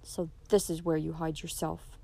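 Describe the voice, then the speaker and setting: A woman's voice: fairly low pitch, brisk, darkish tone, lightly acted. A woman reading the part of a proud, domineering older father who speaks coldly and storms in anger. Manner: cold, then storming in rage.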